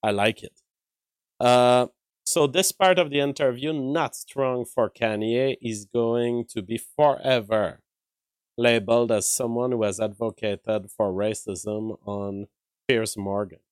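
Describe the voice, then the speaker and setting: A man's voice: mid-range voice, fairly even intonation, slow pace, clear, resonant tone, no echo, poor audio. A man commenting live on an interview clip, analytical and thinking aloud through his own compressed mic.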